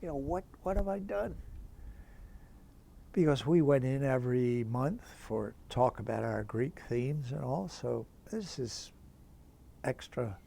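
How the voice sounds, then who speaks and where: An older man, a priest, tells a lively, chatty anecdote about a teacher, full of asides. His mid-range voice is unhurried and has vocal fry.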